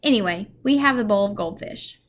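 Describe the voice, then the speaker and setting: Storybook read-aloud: a sharp, scolding middle-aged housewife, voiced by a woman. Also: medium pitch, animated, a little fast, lightly acted.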